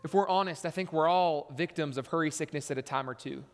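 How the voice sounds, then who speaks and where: A man's voice: fairly high pitch, fast talker, in a large hall. A man preaching a sermon in a church, telling stories and acting out voices with punchy emphasis.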